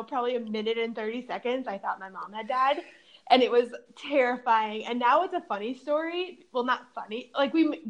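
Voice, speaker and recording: A young woman with a slightly raised voice talks in a relaxed podcast chat. She laughs often and fills her stories with "like.". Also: a little high. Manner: giggly, chatty storytelling with many "like"s.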